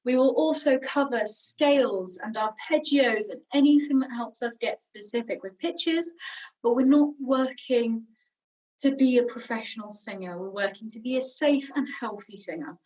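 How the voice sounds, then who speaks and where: A woman's voice: on the high side, normal speed, distant mic, poor audio. A young woman teaching singing, chatty and encouraging, demonstrating each sound. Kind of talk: online vocal warm-up lesson.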